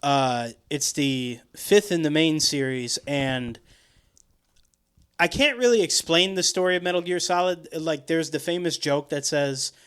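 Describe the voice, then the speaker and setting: A man's voice: fairly high pitch, expressive, fairly bright tone, clear, resonant tone. Rambling young-sounding male podcast co-host. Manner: rambling, halting with fillers, swearing. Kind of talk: casual chat.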